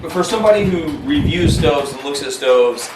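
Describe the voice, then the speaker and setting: A man reviewing outdoor gear in casual chat, relaxed and laughing often, recorded outdoors at a campsite. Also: a little high, normal speed, roomy sound, background noise.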